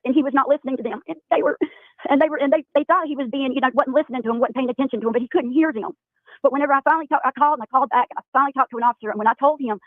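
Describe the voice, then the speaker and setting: A woman calling in by phone, telling an upsetting story in a halting, tearful way. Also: high voice, no room sound. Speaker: caller. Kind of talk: emotional phone call on a livestream. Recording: tinny phone line.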